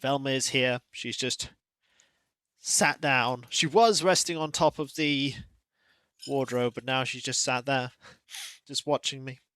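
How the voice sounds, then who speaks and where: A man, a livestreamer, chatting casually and greeting viewers by name in a relaxed, playfully formal way from his home. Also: mid-range voice, unhurried, pauses often, smooth, dry recording. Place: home room.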